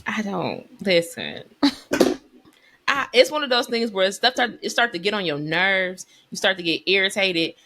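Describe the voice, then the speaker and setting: A woman co-hosting a faith podcast, chatting casually in an animated, emotional way. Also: medium pitch, unhurried. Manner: animated, emotional storyteller, Southern US dialect forms. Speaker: podcast co-host. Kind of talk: casual chat.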